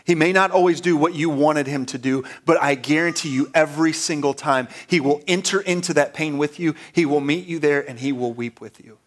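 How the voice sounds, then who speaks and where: Brief: male pastor, fairly high voice, earnest sermon delivery that swells into fervent emphasis. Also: a little fast, few pauses. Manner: earnest, building to passionate emphasis with repeated phrases.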